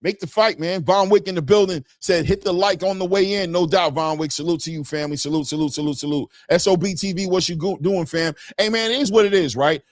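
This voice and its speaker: Animated man hosting a boxing livestream. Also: a little high, no room sound, studio quality. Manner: animated, repetitive, slangy, laughs often. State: just woke up. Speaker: boxing talk livestream host. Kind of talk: casual livestream chat reading super chats.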